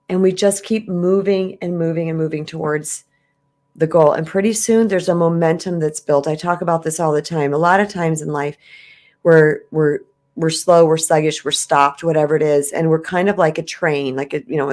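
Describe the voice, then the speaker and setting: A middle-aged woman co-hosting a podcast, telling a story in an emotional, animated way. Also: deep voice. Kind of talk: casual podcast chat.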